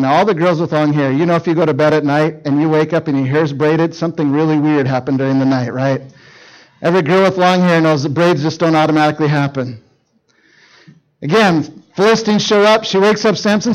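A man preaching to teenagers, telling a Bible story in a jokey, animated way and acting out the characters in quick voices. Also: on the high side, poor audio. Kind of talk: youth sermon storytelling.

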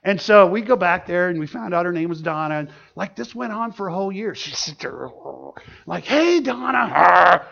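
High gravelly pastor guy telling a story in a sermon, lively, dull lo-fi recording. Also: fairly quick. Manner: animated, laughing storyteller. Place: church. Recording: dull lo-fi sound.

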